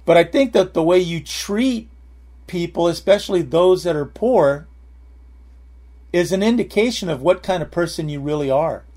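Guy preaching a sermon, kinda high voice, chatty with lots of you knows. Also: lively intonation, normal speed, a little mellow. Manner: conversational, many "you know" fillers and repeated words.

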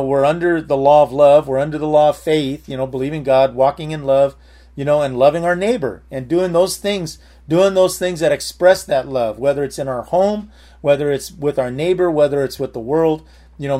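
A male pastor delivers a sermon in a relaxed, talky style, stumbling over restarts and dropping in amens. His voice sits a little higher than most men's. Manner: conversational preaching with frequent amens and restarts.

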